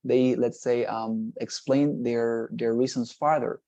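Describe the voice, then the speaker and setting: A man's voice: mid-range voice, steady tone, slow pace, warm tone. A man teaching an online exam-prep class over a video call, explaining at length and checking in with the students. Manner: explanatory, repeats "nonetheless" and "right?".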